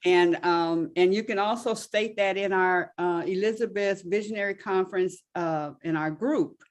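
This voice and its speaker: A woman's voice: mid-range voice, normal speed. A woman hosting a casual faith-based group call, encouraging the others and often repeating her words. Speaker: host.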